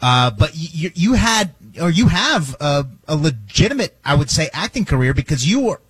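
A man's voice: a little high, big pitch swings, moderate pace, a bit bright, breathy edge, no room sound, poor audio. A man co-hosting a radio show, asking a guest questions in a hesitant, casual way.

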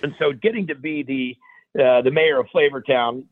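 Excited man telling stories over a tinny phone line. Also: mid-range voice, normal speed, no echo. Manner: energetic, repeats and restarts phrases, acts out quotes. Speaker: guest chef. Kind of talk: animated storytelling on a radio show.

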